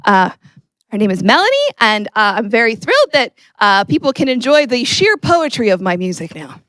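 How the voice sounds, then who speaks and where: A woman doing a musical comedy set with deadpan, self-mocking asides as she introduces her songs. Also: fairly high pitch, normal speed, no echo. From Canada. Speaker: comedy singer. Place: stage filmed without audience. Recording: with guitar music behind. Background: acoustic guitar.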